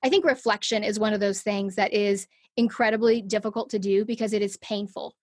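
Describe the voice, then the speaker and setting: A woman's voice: mid-range voice, fairly even intonation, fairly quick, no room sound, studio quality. A middle-aged woman, a podcast guest, telling a personal story in a conversational interview and acting out her own thoughts.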